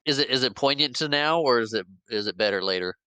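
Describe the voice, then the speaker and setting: A man co-hosting a podcast, chatting about a film with stammering restarts and quick agreement. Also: medium pitch, animated, pushed and bright, smooth, no echo. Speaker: podcast co-host. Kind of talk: casual movie review chat.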